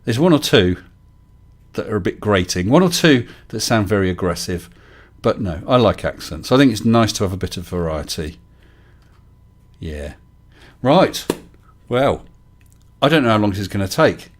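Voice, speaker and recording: A man's voice: lowish voice, animated, normal speed, pauses often. A middle-aged man, hosting a casual live-stream chat from his home desk, joking and talking to viewers by name. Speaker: livestream host.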